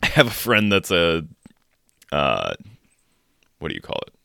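Man, podcast co-host, very low voice, dry close sound, laid-back and halting. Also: wildly swooping pitch, creaky, bright, forceful tone, dry recording. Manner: hesitant, filler-heavy, laid-back. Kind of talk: casual podcast chat. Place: home room.

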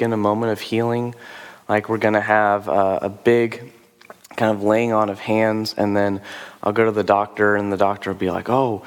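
A man preaching as a pastor, talking in a loose, conversational way with rhetorical questions and fillers, his voice rough from a sore throat. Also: fairly low pitch, big-room sound. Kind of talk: sermon with altar call. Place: church service.

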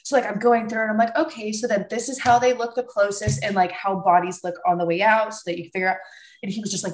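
Animated woman telling stories, echoey room. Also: mid-range voice, fast, a little hiss or hum. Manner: animated storyteller, swears freely. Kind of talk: casual podcast chat. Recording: roomy echo.

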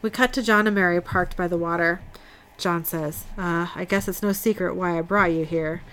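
A woman's voice: lowish voice, steady tone, moderate pace, a bit bright, a little hiss or hum. A woman co-hosting a podcast, reading scene dialogue from her notes in a casual recap. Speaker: podcast host recapping an episode.

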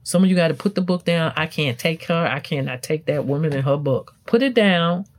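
A woman hosts a self-help podcast, giving a motivational talk that is emphatic and preachy. Her lively intonation swings widely in pitch, and she speaks a little fast.

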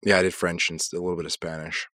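Deep-voiced man, dry humour. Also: racing, no room sound. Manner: relaxed, dry humour, calls his friend bro. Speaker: podcast co-host. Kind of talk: casual chat.

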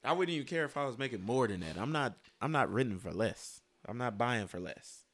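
A man's voice: mid-range voice, expressive, fairly quick, fairly bright tone. A young man in casual chat, blunt and slangy, telling stories with a laugh.

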